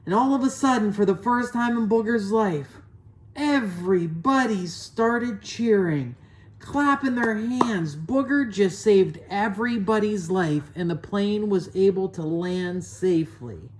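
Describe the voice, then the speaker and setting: A woman narrating a children's story with slow, expressive telling. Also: mid-range voice.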